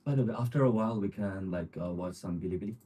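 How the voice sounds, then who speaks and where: Low husky man chatting on a livestream. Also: fast talker. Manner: relaxed, rambling, chuckles often, many fillers. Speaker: livestream host. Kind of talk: casual live chat answering viewer comments.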